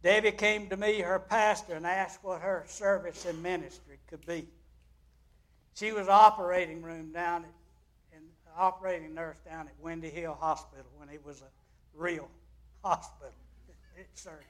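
A male pastor gives a sermon. He tells stories dramatically, swinging between loud and quiet. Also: high-pitched, steady tone, moderate pace. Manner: dramatic storytelling with big swings in loudness.

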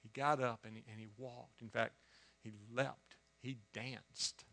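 A male preacher in full storytelling mode. He drops to quiet asides, then bursts out loud, and often stumbles over and repeats words as the story runs on. His voice sits at an ordinary mid pitch for a man. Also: flat delivery, unhurried. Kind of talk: storytelling sermon.

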